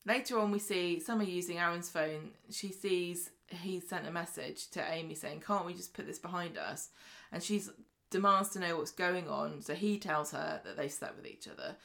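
A British woman co-hosting a podcast, briskly retelling soap episodes and acting out the characters' lines in casual chat. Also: fairly low pitch, creaky, a bit bright. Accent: British English. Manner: brisk storytelling recap, acting out quotes. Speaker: podcast co-host.

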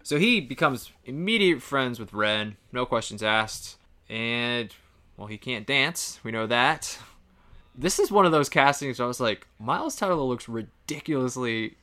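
A man's voice: mid-range voice, unhurried. A man co-hosting a casual podcast, reviewing films and laughing often. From US East Coast. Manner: animated, laughs often, mimics lines in raised voice. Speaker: podcast co-host. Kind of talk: casual movie-review chat.

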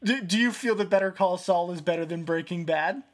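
A man's voice: sits high, fairly quick. A man hosting a casual interview, asking probing questions in a conversational way. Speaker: host.

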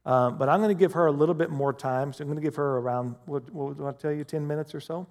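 A man's voice: a little high, fast talker, darkish tone. A man, a pastor preaching a sermon in a church, swinging from emphatic bursts to easy, chatty storytelling. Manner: preaches with rising, emphatic bursts, then chats easily. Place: church hall with a congregation.

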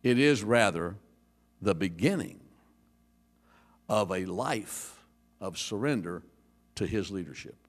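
A man preaching a sermon as pastor, telling jokes and stories in a lively way. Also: on the low side, slow, pauses often.

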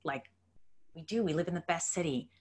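Gushing podcast host woman, lowish voice. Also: darkish tone. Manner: gushing, grateful, halting restarts. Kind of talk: casual interview chat.

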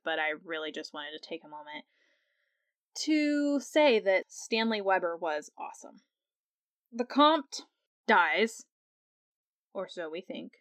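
A young woman hosting a podcast, recapping a TV episode in a casual, chatty way, laughing often and acting out quotes in a higher voice. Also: a bit bright, no echo. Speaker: podcast host.

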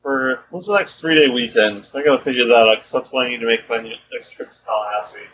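A man's voice: medium pitch, fast talker, a bit bright. A tired man co-hosting a podcast, talking hesitantly in casual chat. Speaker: podcast co-host. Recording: dull lo-fi call audio with faint noise.

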